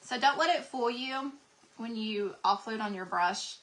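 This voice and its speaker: While painting on her live craft stream, this host chats casually, welcomes viewers by name, and is slightly out of breath. She speaks at a measured pace in a fairly high, somewhat bright voice.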